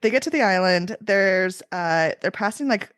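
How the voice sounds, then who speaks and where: A woman's voice: medium pitch, lively intonation, moderate pace, a bit bright, smooth, no room sound, clean studio sound. A young woman hosting a casual book podcast, chatty and opinionated, with lots of "like" fillers. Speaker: podcast host.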